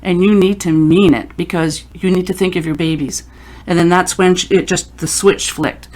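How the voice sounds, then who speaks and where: A woman's voice: on the low side, steady tone, normal speed, a little mellow. A woman hosting a paranormal podcast, chatting casually and telling stories with quoted asides. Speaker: podcast host. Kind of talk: casual interview chat.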